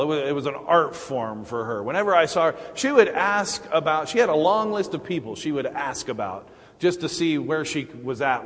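A man giving a church sermon. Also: mid-range voice. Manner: halting, many restarts and fillers, warm laughs. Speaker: church speaker. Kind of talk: Mother's Day sermon. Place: church sanctuary. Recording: long hall reverb.

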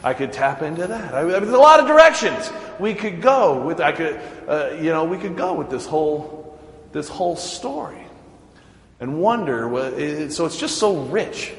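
A man's voice: fairly high pitch, big pitch swings, normal speed. A man preaching a sermon as pastor, talking in a conversational, joking way and laughing often. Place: church sanctuary. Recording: echoey church hall reverb.

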